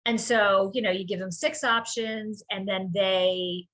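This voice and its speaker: A woman who runs a small business, chatting casually on a group video call and telling a rambling, animated story. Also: mid-range voice, unhurried.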